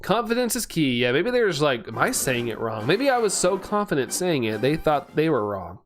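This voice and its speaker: A man's voice: on the high side, sing-song, normal speed. A young man streaming, chatting casually and playfully, rambling, tripping over words and laughing at himself. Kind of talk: casual live-stream chat.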